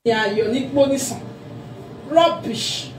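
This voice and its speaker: A woman's voice: sits high, slow. A woman, chatting loosely with exclamations. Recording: far off mic, echoey room with faint noise.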